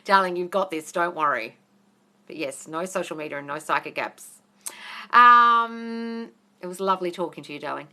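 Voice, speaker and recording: A woman answering viewers' questions on a live phone stream, talking fast and bluntly, swearing and calling everyone darling. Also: fairly low pitch, sharp tone. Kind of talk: casual live Q&A.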